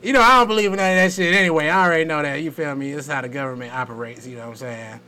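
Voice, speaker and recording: A man's voice: a little high, rapid-fire, pushed and bright, slight background noise. A man hosting a podcast, talking animatedly, laughing often and swearing in casual chat. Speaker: podcast host.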